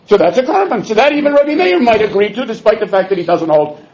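A man's voice: sits high, expressive, fast talker, darkish tone, lo-fi sound, a little hiss or hum. A man teaching a Talmud class, sarcastic and exasperated, mixing Hebrew and Aramaic terms into his explanations.

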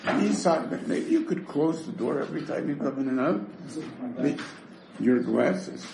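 A man teaching a Talmud class, rapidly reading Hebrew and Aramaic text and explaining it in English. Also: on the high side, animated, vocal fry, a little mellow. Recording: echoey room with faint noise.

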